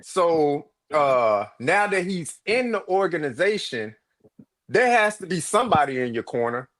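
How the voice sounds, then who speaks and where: Male sports co-host: a touch high, deliberate, emphatic opinions, reads viewer comments. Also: sing-song, fairly bright tone. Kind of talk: casual sports talk show.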